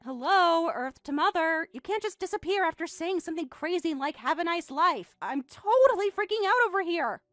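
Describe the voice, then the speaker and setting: A woman's voice: extremely high pitch, animated, moderate pace, few pauses, a bit bright, no room sound, studio quality, faint music behind. A synthetic female text-to-speech voice reading a bratty, dismissive teenage daughter in a text-message story. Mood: panicked.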